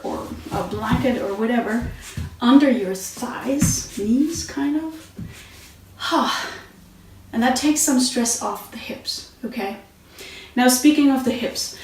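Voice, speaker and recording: A woman teaching meditation and yoga sitting positions in a relaxed, conversational way, with fillers and restarts, recorded on a mat at home. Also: a little high. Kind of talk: instructional talk. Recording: very echoey room, mic at a distance.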